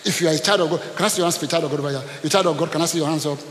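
A man's voice: a little high, rapid-fire, a bit bright. A middle-aged man preaching to a congregation, calling for responses and telling stories. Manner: call-and-response preaching, storytelling. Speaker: pastor. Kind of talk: sermon. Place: church hall. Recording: echoey hall with hiss.

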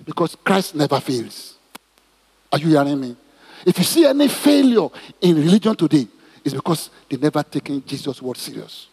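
Male pastor, middle-aged, high husky voice, emphatic sermon, long hall reverb. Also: moderate pace. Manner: emphatic, repetitive, animated preaching with stammered restarts.

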